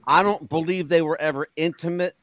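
A man's voice: on the high side, steady tone, brisk, fairly bright tone. A male podcast host asking leading questions in a chatty way, careful with his wording. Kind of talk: casual interview.

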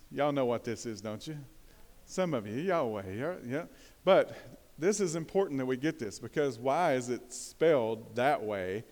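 A man's voice: mid-range voice, a little mellow. A man preaching a conversational sermon, putting questions to the congregation and pressing points with bursts of emphasis. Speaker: pastor. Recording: long hall reverb.

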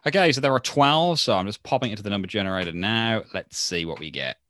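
A man co-hosting a podcast in casual chat, reading out listener mail with relaxed fillers. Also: on the low side, quick pace, dry recording, studio quality. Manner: relaxed, chatty, hesitant fillers. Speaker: podcast co-host. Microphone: handheld mic held close.

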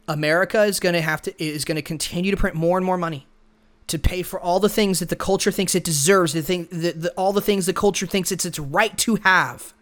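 A man's voice: sits high, fairly even intonation, a little fast, fairly bright tone. Blunt lecturing male podcast host. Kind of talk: solo opinion monologue.

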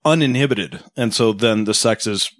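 A man's voice: normal speed, fairly bright tone, dry recording, clean studio sound. A man co-hosting a podcast, chatting casually and sarcastically with plenty of profanity. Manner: profane, sarcastic, wide swings in pitch. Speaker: podcast co-host. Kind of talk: casual chat.

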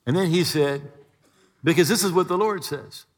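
A man preaching a sermon, retelling a story in an animated way and acting out the voices. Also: a little high, normal speed, in a large hall. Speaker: pastor.

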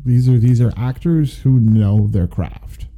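A man's voice: medium pitch, a little slow, mellow, dull audio. A man co-hosting a podcast, talking through a movie review in a rambling, conversational way. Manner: rambling, conversational, many restarts. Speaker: podcast co-host. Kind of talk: casual movie review chat.

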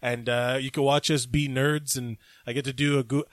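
A man's voice: mid-range voice, level tone, moderate pace, no room sound, studio quality. Loose joking man hosting a podcast. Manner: loose, joking, swears casually. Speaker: podcast host. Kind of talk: casual podcast chat.

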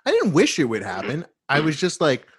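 A man telling a long story in casual, animated chat, swearing often and restarting his sentences. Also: fairly high pitch, fairly quick. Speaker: storyteller in a talk.

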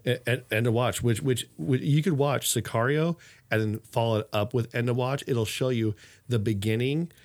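A man's voice: medium pitch, moderate pace, darkish tone. A man hosting a casual podcast chat, rambling and storytelling with lots of filler words. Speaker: podcast host.

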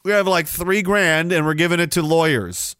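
A man hosts a casual livestream, reading out chat comments. He rants with profanity and sarcasm and breaks into loud mocking outbursts. His voice is slightly high and sharply forceful, and the sound is dry and close. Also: moderate pace, smooth, no room sound. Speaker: livestream host.

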